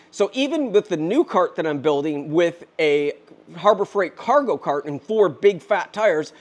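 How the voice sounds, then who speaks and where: A fifty-year-old man rushing through a casual DIY vlog, a bit out of breath as he lifts the cart while he talks. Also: high-pitched. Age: 50s. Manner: rushed and chatty, talking while lifting and handling the cart. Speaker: DIY maker and channel host.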